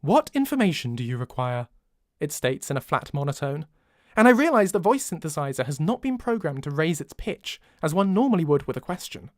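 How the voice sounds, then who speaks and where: English man, author-narrator, lively delivery, very dry close-mic sound. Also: on the high side, brisk, no room sound. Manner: lively, expressive, jokes between takes. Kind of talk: audiobook narration with asides. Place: home recording booth.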